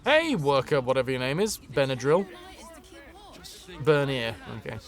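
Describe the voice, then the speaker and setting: A man's voice: mid-range voice, big pitch swings, moderate pace, soft background music. A young man streaming a video game, chatting and joking playfully as he plays. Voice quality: jokey, playful, sings snippets. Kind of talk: live game commentary.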